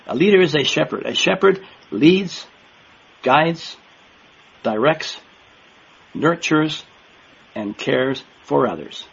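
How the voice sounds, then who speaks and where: A man's voice: on the high side, expressive, slow pace, vocal fry, long pauses, slightly rough, lo-fi sound. Older man preaching an emphatic sermon. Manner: earnest, emphatic, repeats key words, chuckles at times. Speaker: minister.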